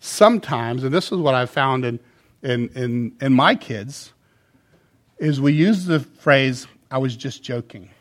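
A middle-aged man preaching a sermon, animated, swinging between loud emphasis and quiet asides. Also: mid-range voice, slow. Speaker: pastor.

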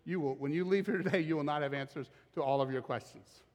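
A man preaching a sermon as pastor, animated and acting out scripture quotes in dramatic voices. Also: fairly high pitch, fast talker. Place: church auditorium. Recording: long reverb of a large hall.

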